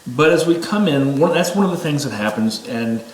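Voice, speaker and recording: A man giving an informal sermon-style talk, rising sharply in pitch when he exhorts his listeners. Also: lively intonation, moderate pace, reverberant, poor audio.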